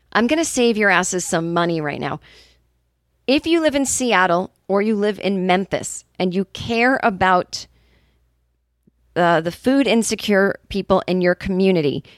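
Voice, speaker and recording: A woman's voice: mid-range voice, no echo, studio quality. A woman with a Boston accent hosting her podcast, a stand-up comedian ranting in a casual, exasperated, profane monologue.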